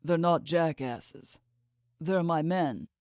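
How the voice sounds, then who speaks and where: A man's voice: fairly high pitch, expressive, slow pace, a little mellow, clear, resonant tone, no room sound, studio quality. A woman voicing a cold, guarded wealthy young man who speaks in curt, clipped replies, in a storybook reading.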